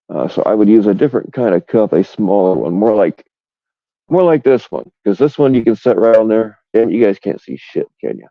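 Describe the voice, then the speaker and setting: A man with a very low, gravelly voice hosts a livestream, chatting loosely and rambling from one thing to the next, swearing freely. The recording is dull and lo-fi. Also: no room sound. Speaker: livestream host. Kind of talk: casual livestream chat.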